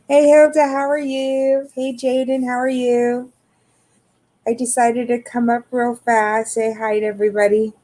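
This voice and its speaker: A middle-aged woman hosting a casual livestream, greeting viewers by name in a relaxed, tired, unhurried way. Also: on the high side. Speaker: livestream host.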